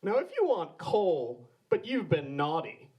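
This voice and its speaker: A man doing deadpan absurdist stand-up on a live comedy stage, with slow, odd setups that build into a repeated call-and-response chant. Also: sits high, highs cut off.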